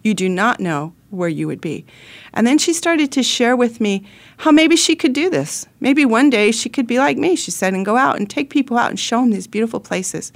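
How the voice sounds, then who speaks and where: A woman's voice: fairly high pitch, expressive, fairly quick. A middle-aged woman host telling a personal story in an earnest, heartfelt way, often restarting her sentences.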